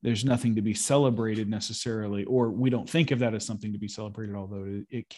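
A man's voice: on the low side, steady tone, fast, a little mellow. A man in a casual conversation about pastoral ministry, thinking aloud and repeating words as he goes.

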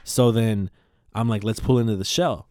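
A man with a low, mellow voice hosts a casual podcast and spins a story in a loose, rambling way, swearing freely. The sound is dry and close. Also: normal speed, no room sound. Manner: rambling, profane, animated retelling. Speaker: podcast host.

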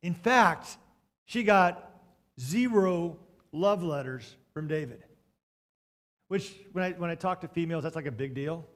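A man preaching a storytelling sermon, swinging between loud bursts and hushed moments, with joking asides to the congregation. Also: on the high side, animated, a little slow, pauses often.

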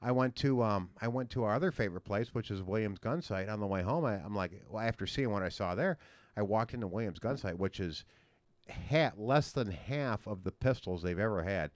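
A man's voice: lowish voice, fairly quick, no room sound. A man hosting a casual podcast chat, rambling through stories with many restarts. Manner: rambling, with frequent restarts and fillers. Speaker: podcast host.

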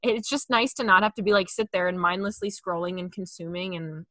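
A woman's voice: lowish voice, steady tone, fairly quick, a bit bright, no echo, studio quality. A young adult woman hosting a podcast, chatting casually and filling her talk with "like.". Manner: chatty, heavy use of filler words. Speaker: podcast host.

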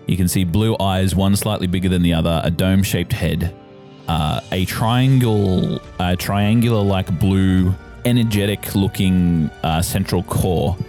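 Low voiced guy game-mastering, describes stuff with lots of uhs. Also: a little slow, warm tone, faint music behind. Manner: descriptive, with fillers. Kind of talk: narrating a tabletop game.

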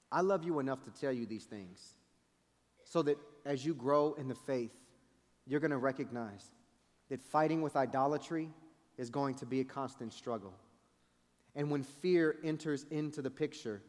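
A man in his thirties preaching a sermon with passion, moving from loud appeals to hushed pleading. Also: medium pitch. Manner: impassioned, swings from shouting to hushed pleading. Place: large event hall. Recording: reverberant hall.

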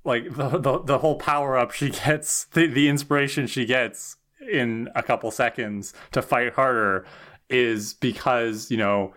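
A woman's voice: a bass voice, fairly even intonation, measured pace, fairly bright tone. A woman co-hosting a casual podcast who adds dry, wry jokes to the episode recap. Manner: wry, dry joking commentary. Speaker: podcast co-host.

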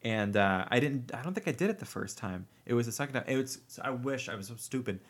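A man's voice: medium pitch, lively intonation, quick pace. A man co-hosting a casual podcast, sharing park news with eager enthusiasm and frequent ums. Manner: enthusiastic, hesitant with ums and restarts. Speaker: podcast co-host.

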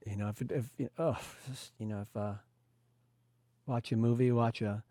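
A man's voice: mid-range voice, fairly even intonation, normal speed, warm tone, no echo. A man hosting a podcast, talking in an earnest, reflective way with plenty of "you know" fillers. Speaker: podcast host. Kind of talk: casual podcast conversation.

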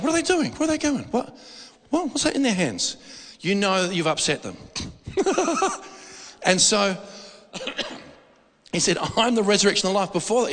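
A man preaching a sermon, animated and emphatic, repeating words for stress. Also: sits high. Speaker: pastor. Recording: hall reverb.

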